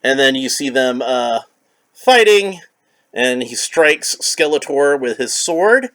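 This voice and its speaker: A man's voice: medium pitch, a little slow, a bit bright. A man toy collector giving casual, rambling unboxing commentary with a wry touch and many fillers.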